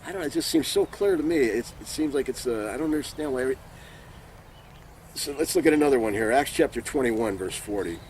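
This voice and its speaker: A man's voice: mid-range voice, lively intonation, fast, a little mellow, a little hiss or hum. A man giving an informal Bible teaching, speaking earnestly and emphatically and reading scripture passages aloud.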